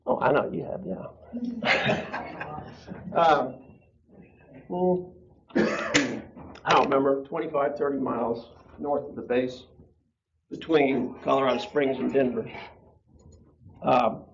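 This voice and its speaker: A man's voice: medium pitch, fairly even intonation, takes it slowly, creaky, long pauses, slight background noise. A man in his fifties teaching a church class, telling a personal story in a casual, chatty way and asking the class questions. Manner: conversational, laughs often, asks the class questions. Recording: dull lo-fi room recording.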